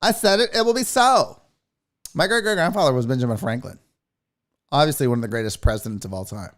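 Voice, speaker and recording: A man hosts a comedic talk show with a loud, mocking edge, cursing freely as he rants. His pitch jumps all over the place, swooping up for sarcastic impressions and dropping low for deadpan asides. He talks at a loose, animated clip. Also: quick pace. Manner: loud, mocking, profane, swings into exaggerated voices. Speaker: podcast host.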